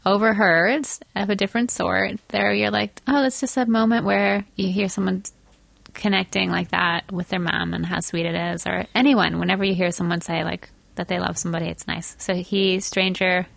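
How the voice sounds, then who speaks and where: A woman's voice: medium pitch, steady tone, normal speed, vocal fry, a bit bright, no echo. A woman hosting a podcast, telling a sincere little story in a casual chat. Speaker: podcast host.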